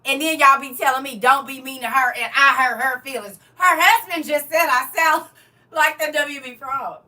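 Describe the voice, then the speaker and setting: A middle-aged woman chats on her livestream and teases her viewers with plenty of laughter. Her voice is high and bright, and she calls it croaky herself. She sits slightly back from the microphone. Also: moderate pace, distant mic. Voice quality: self-described croaky frog voice. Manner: teasing, laughing, talks to viewers as y'all. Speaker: livestream host. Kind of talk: casual livestream chat.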